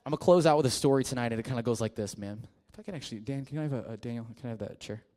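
A man preaching to a youth group in a casual, conversational way, sometimes dropping to a hushed voice for a story. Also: mid-range voice, racing. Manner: casual and conversational, with fillers and restarts; drops to a quiet, hushed voice in the story. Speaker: youth pastor.

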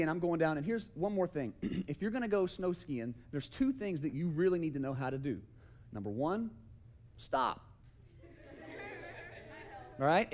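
A young man, a youth pastor telling a story in a casual sermon and often asking "right?". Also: sits high. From Georgia, US. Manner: conversational, keeps asking "right?".

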